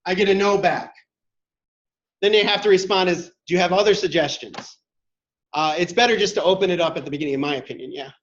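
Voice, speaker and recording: In an echoey room with dull lo-fi audio, a man leads an interactive classroom workshop, his high voice moving at a quick pace. He talks directly and conversationally while taking questions from the audience.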